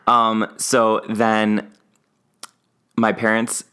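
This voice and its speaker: A man's voice: extremely slow, smooth. A young man co-hosting a podcast, telling a personal story in casual chat and acting out his family's lines. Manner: animated storyteller who acts out family members' lines in a high, wavering voice. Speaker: podcast co-host.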